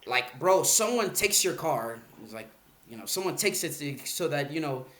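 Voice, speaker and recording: A man's voice: fairly high pitch, very animated, moderate pace, a bit bright. A man, a podcast guest, telling a story casually in a laid-back, slangy way with plenty of swearing. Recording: roomy podcast room.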